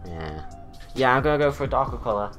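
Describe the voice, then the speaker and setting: A man's voice: medium pitch, big pitch swings, quick pace, a bit bright, soft background music. A young British man and drag artist, chatting casually through a makeup tutorial with camp, self-mocking asides. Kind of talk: chatty get-ready-with-me tutorial.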